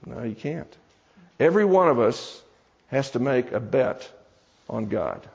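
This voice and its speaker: A man's voice: mid-range voice, very animated, measured pace, vocal fry, a little mellow, in a large hall, lo-fi sound. A man preaching a sermon in church, telling a story with conversational, joking asides to the congregation. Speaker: preacher and seminar teacher.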